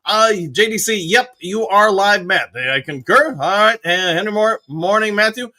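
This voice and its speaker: Man, host of a live stream, high and bright, quick upbeat chat shout-outs. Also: expressive. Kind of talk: casual live chat reading.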